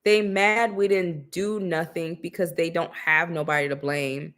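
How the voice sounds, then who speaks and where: A woman's voice: fairly low pitch, fairly even intonation, a little slow, fairly bright tone. Sassy, blunt woman co-hosting a podcast. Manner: blunt, sassy, slangy, profane. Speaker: podcast co-host. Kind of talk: casual commentary chat.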